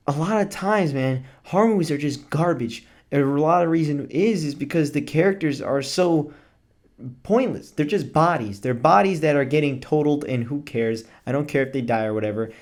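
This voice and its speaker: A young man reviewing a movie in a casual chat, gushing with excitement, swearing freely and laughing often. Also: on the high side.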